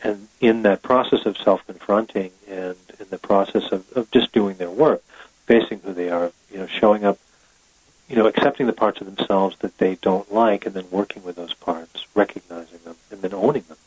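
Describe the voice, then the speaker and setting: A man's voice: fairly low pitch, moderate pace, a little mellow, breathy edge, no room sound, low-quality recording. A middle-aged man, a guest author on a podcast, talking in a reflective, thoughtful way with plenty of fillers. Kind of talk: casual podcast interview.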